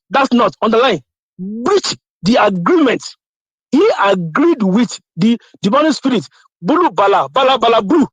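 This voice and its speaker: A Nigerian-accented man with a strikingly high voice, recorded dry and close. He calls into a talk show and pours out blessings, switching between Yoruba and English. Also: very animated, moderate pace, slightly rough, no room sound, rough recording. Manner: effusive, blessing-heavy, mixing Yoruba and English. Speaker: guest caller. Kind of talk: casual talk show call.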